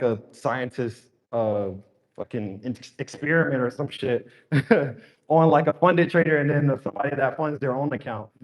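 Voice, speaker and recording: A man's voice: a little high, a little mellow. A young man telling a candid story to his audience in a loose, casual way, full of fillers and swearing. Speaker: trader talking to his audience.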